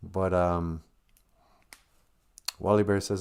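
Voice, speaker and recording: A man with a fairly low voice talks casually on a live stream, joking gently at his own expense. He sounds close to tears as he speaks. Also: unhurried. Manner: joking, self-deprecating, gentle.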